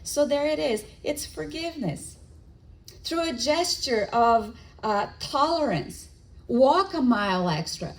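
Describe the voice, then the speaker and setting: A woman's voice: high voice, takes it slowly, low-quality recording. A middle-aged woman giving a spiritist lecture, telling stories and acting out the dialogue, with frequent restarts. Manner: animated storytelling with acted-out dialogue.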